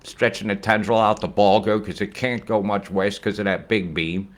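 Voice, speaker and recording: A man giving a casual weather forecast in a rambling, excitable way, often swearing and slipping into rhymes. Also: lowish voice, moderate pace.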